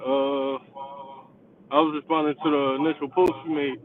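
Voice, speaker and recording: A man calling in to a live stream, speaking hesitantly with many pauses and restarts. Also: a little high, flat delivery, slight background noise. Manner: hesitant, halting. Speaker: caller. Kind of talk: casual call-in chat. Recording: tinny phone-like call audio.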